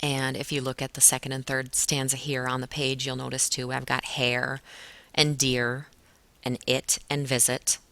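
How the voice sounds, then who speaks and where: A woman teacher with a very low, gravelly voice walks a class through a poem. She explains in a relaxed way with plenty of fillers, and the recording is dry and close. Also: normal speed, no echo. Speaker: English teacher. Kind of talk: recorded classroom lesson walkthrough.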